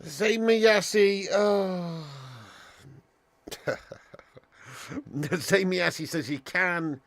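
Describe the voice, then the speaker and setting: Male watch-along host, mid pitch, casual sweary chat, dry close sound. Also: steady tone, drawn-out words, a bit bright, no room sound. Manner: casual and chatty, swears, calls viewers lad. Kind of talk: live football watch-along commentary, reading chat.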